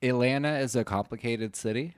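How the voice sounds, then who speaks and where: A man co-hosting a podcast in casual chat, measured and deliberate as he explains things. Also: mid-range voice, smooth, dry recording, studio quality.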